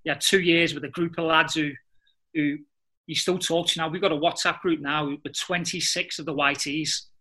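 A middle-aged man, a former footballer telling lively anecdotes in a casual interview and often laughing. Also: fairly high pitch, normal speed. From England.

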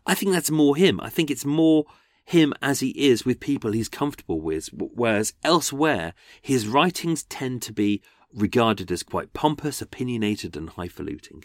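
An English man narrates a true crime podcast with an animated, swinging delivery. His voice sits close and dry, with no room around it. He reads letters and quotes aloud as he goes. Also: medium pitch, normal speed, hardly any pauses, no room sound. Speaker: podcast host.

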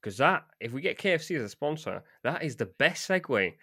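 A man's voice: on the high side, very animated, a little fast, creaky, pushed and bright, no room sound, studio quality. A man hosting a casual football podcast, leading the talk and laughing often. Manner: laughs often, leads the running order. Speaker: podcast host.

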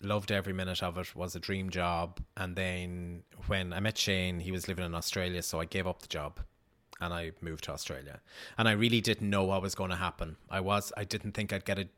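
A lower-pitched Irish man in his thirties, talking freely as an interview guest. He tells his story in a loose, chatty way, peppered with fillers and self-corrections. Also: steady tone, fairly quick, few pauses, fairly bright tone. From Ireland. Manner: chatty storyteller, many "like"s and restarts. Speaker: TV news reporter, guest. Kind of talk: casual interview chat.

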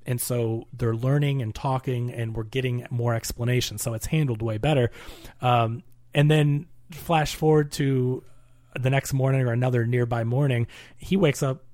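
A man in a casual movie podcast, walking through a plot in a loose, rambling way with many fillers. His voice sits at an ordinary middle pitch. The recording is dry and close, with no room sound. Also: fairly even intonation, normal speed, a little mellow, no room sound. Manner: rambling recaps with lots of fillers. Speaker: podcast co-host.

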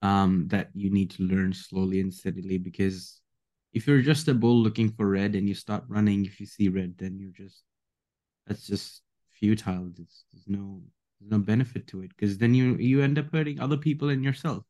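A man co-hosting a podcast, speaking in a measured, thoughtful way in casual conversation. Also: fairly low pitch, dark tone.

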